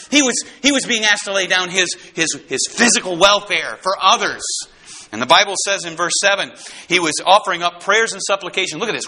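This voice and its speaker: A man preaching a sermon, fervent and folksy, repeating words and rising to shouts on key points. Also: high voice.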